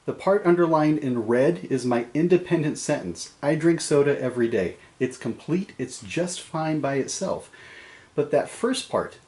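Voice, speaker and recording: A man teaching a writing class in a recorded video lecture, talking in a relaxed, conversational way with fillers and small laughs. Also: on the high side, normal speed.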